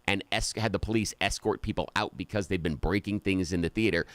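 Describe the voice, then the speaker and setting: A man co-hosting a talk radio show, telling stories in lively casual banter and laughing often. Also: sits low, a little fast, clean tone, no room sound. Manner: animated storyteller, laughs often. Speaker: radio co-host. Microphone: studio microphone.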